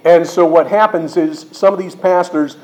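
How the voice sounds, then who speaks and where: A middle-aged pastor delivers a sermon in a slightly high voice. He preaches emphatically, slowing down and rising on the words he quotes. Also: fairly even intonation, a little mellow, low-quality recording. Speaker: pastor teacher.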